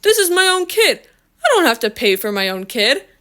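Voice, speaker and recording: A woman's voice: high-pitched, big pitch swings, normal speed, pushed and bright, voice pushed up, full character voice. A woman doing an exasperated dad. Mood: indignant. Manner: exasperated scolding. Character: flustered stern father, adult man.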